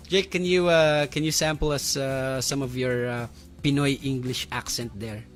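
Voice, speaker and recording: A man's voice: mid-range voice, steady tone, slow, faint music behind. A man from the Philippines hosting a casual online radio interview, asking eager questions and laughing often. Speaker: radio show host.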